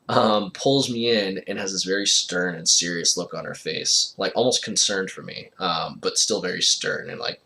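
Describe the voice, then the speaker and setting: A man's voice: low-pitched, normal speed, bright, forceful tone. A young man telling a casual personal story, rambling with lots of fillers and frequent laughter.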